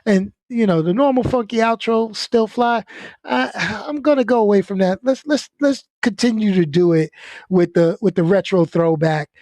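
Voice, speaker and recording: YouTuber, male, casual and blunt, swears, laughs a lot; higher pitch, dry sound. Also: moderate pace, a little mellow, no echo. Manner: blunt, laid-back, swears, laughs easily. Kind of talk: casual venting vlog talk.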